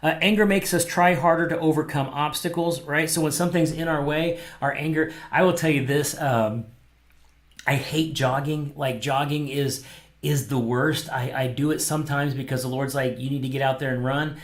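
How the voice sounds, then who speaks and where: A lively man teaching a small-group Bible lesson, his voice sitting a little high for a man. He talks casually and bursts into acted-out quotes. The sound rings in a roomy, echoey space. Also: normal speed. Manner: animated, acts out quotes, conversational fillers. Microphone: microphone, streamed to viewers.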